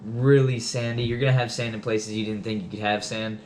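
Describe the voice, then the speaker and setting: A man's voice: on the low side, steady tone, a little fast, a little mellow, a little hiss or hum. A young man, a former Marine, explaining boot camp in casual talk with many fillers. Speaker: former Marine giving advice. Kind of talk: casual advice chat.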